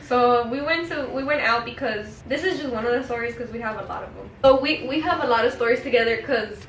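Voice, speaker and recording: Animated high-voiced young woman storyteller. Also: fast talker, roomy sound, recorded from a distance, slight background noise, poor audio. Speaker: daughter telling family stories. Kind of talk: casual storytelling chat.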